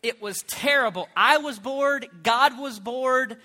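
Male pastor, middle-aged, very bright tone, storytelling sermon with loud comic bursts. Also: very high voice, slow pace. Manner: animated, comic storytelling with sudden loud bursts and mock prayer voices.

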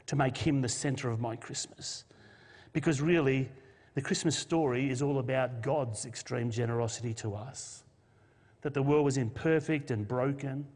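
A man's voice: mid-range voice, darkish tone. Pastor, male, earnest emotional sermon delivery in a reverberant hall. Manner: earnest, emotional, with restarts and shifting emphasis. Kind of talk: Christmas sermon with a read story.

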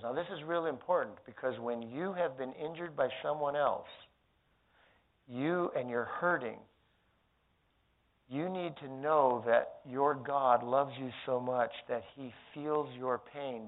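Gravelly preacher man, tinny recording. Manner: swings from booming emphasis to hushed, tender tones. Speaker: pastor. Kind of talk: sermon. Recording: tinny phone-like sermon recording.

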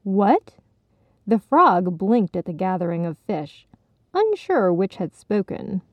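A woman narrating a children's storybook in a calm, measured way. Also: medium pitch, no echo, highs cut off.

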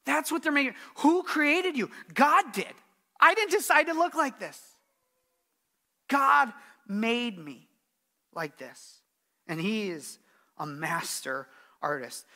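A man's voice: very high voice, big pitch swings, slow pace, pauses often, pushed and bright. A middle-aged man preaching a sermon as pastor, earnest and emphatic, repeating his key phrases.

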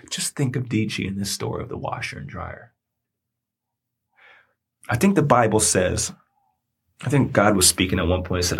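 A man's voice: lowish voice, animated, moderate pace, long pauses, a bit bright, husky. A man hosting a podcast, telling a personal story in an earnest, preacher-like way and repeating phrases for emphasis. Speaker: podcast host.

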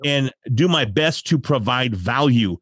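A man telling a story in a casual podcast chat, animated and emotional, laughing often. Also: mid-range voice, unhurried, breathy edge, dry recording, studio quality. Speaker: podcast guest.

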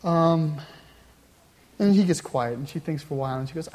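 A man's voice: fairly high pitch, normal speed, pauses often, darkish tone. A male pastor preaching a sermon in a conversational storytelling way, with wry asides. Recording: long hall reverb.

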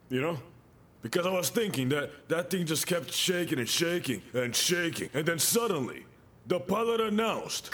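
A bishop preaching a sermon in an animated style, telling stories and swelling to shouts. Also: male voice, a little high, normal speed. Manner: storytelling with acted quotes.

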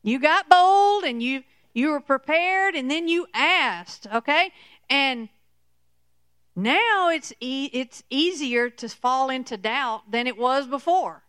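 Woman preacher, fairly high, smooth voice, slow and emphatic, dry close sound. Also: expressive, fairly bright tone, no echo. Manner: slow, emphatic, repeats "okay?" to the listener. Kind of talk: sermon teaching.

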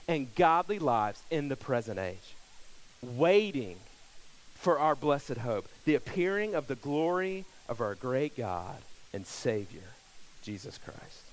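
A man's voice: mid-range voice, poor audio. Man preaching with rising fervor. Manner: storytelling preacher, rising to fervent emphasis. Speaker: pastor. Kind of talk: sermon.

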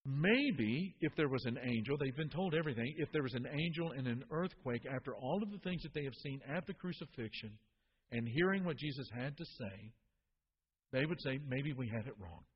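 A man's voice: medium pitch, lively intonation, normal speed, husky, long reverb tail, highs cut off. A man preaching a sermon, earnest, often repeating words as he builds to a point.

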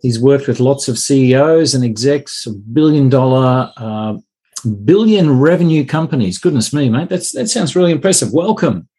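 A man's voice: mid-range voice, animated, normal speed, dark tone, breathy edge. An Australian man co-hosting a podcast, chatty and jokey as he introduces and questions a guest. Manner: chatty, jokey, says "mate". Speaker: podcast co-host. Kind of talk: casual interview chat.

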